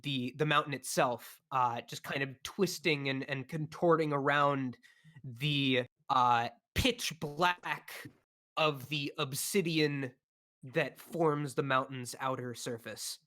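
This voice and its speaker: Bright-voiced man narrating as dungeon master. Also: medium pitch, takes it slowly. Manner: hesitant, many fillers and restarts. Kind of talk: narrating a tabletop game.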